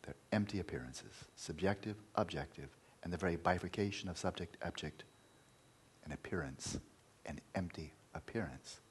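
A man's voice: low-pitched, normal speed, a little hiss or hum. A man teaching meditation in a dharma talk, emphatic, repeating key words and at times dropping to a near-whisper.

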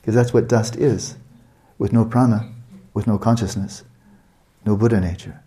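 A man's voice: on the low side, fairly even intonation, moderate pace, warm tone. A man giving a spoken lecture as a meditation teacher, posing rhetorical questions with emphasis.

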